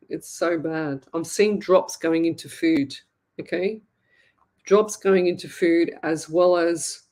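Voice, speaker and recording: Sympathetic Australian woman psychic, halting. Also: low voice, a little mellow. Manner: sympathetic, halting, repeats herself. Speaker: psychic medium host. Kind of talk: live psychic reading on air.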